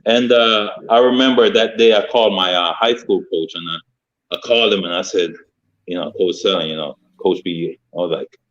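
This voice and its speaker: A former football player, a man, telling a story in casual podcast chat and acting out a yelling coach. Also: sits low, normal speed, highs cut off. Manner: animated storyteller, acts out his coach's yelling.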